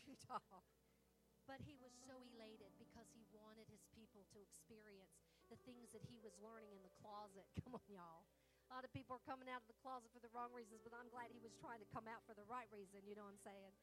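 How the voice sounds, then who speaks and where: A woman preacher telling a testimony in a sermon, animated, dropping to a hush and then rising to near shouts. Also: on the high side, fast talker. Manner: animated storytelling, swings from hushed to shouting.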